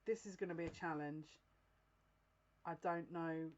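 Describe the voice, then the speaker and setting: A woman's voice: deep voice, fairly even intonation, lo-fi sound. Giggling woman giving a psychic reading. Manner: keeps breaking into giggles, halting restarts; earnest, confiding, direct address to viewer. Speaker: psychic reader. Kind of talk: casual tarot-style general reading to camera.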